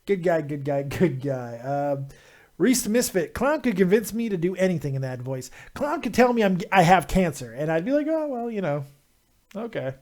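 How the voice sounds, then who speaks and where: A man hosting a live call-in stream, talking casually, joking and swearing loudly. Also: on the high side, very animated, moderate pace. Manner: loud, profane, joking, drifts into mock singing. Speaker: livestream host.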